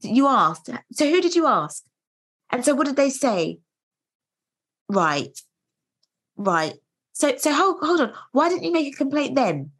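A woman's voice: high voice, big pitch swings, measured pace, long pauses, a bit bright, exaggerated voice. A woman voicing a condescending senior midwife who questions her patronizingly. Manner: patronizing, interrogating.

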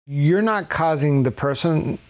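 A man's voice: fairly high pitch, unhurried. Man asking probing, reflective questions. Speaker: interviewer. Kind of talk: interview.

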